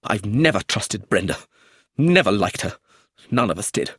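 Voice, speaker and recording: A man voicing an emotional, excitable middle-aged man in a read story, speaking in an agitated way. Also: lowish voice, normal speed, husky, dry recording, studio quality, heavily acted.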